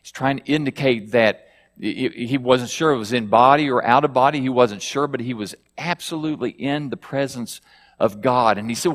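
A man's voice: mid-range voice, normal speed, long reverb tail. A male pastor preaching a sermon, reading scripture aloud with rising emphasis and asking his listeners questions.

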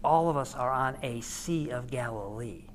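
A woman's voice: very deep voice, moderate pace, slight background noise. A woman podcast host giving an earnest devotional talk, preaching with repeated phrases.

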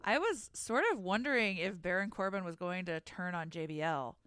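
A woman co-hosting a podcast, making dry, deadpan jokes in casual chat. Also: lowish voice, moderate pace, clean tone, no echo. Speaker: podcast co-host.

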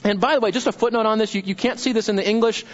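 A man's voice: high-pitched, steady tone, rapid-fire. A man preaches a sermon. He is emphatic and repeats his key phrases as he quotes scripture. The recording sounds dull and lo-fi. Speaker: pastor.

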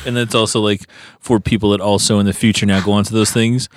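A man's voice: fairly low pitch, little pitch movement, quick pace, slight background noise. A young adult man co-hosting a podcast, rambling through stories with constant fillers. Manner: rambling, filler "like" in nearly every line, laughs often. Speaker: podcast co-host. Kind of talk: casual podcast chat. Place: podcast studio.

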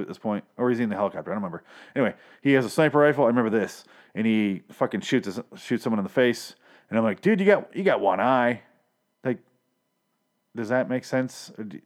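Profane, sarcastic man ranting casually. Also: fairly low pitch. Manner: profane, sarcastic, rambling with self-corrections. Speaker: podcast host reviewing a TV episode. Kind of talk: casual recap monologue. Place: Los Angeles.

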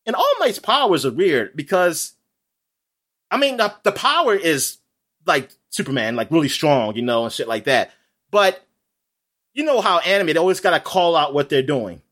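Animated man rambling in casual chat. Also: a little high, normal speed. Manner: animated, rambling, frequent fillers and laughs.

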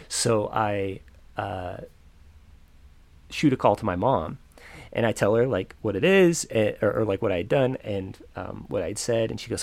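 A young man telling a personal story in a reflective, halting way, with many pauses and fillers. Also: fairly low pitch, vocal fry, darkish tone, no room sound. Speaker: podcaster.

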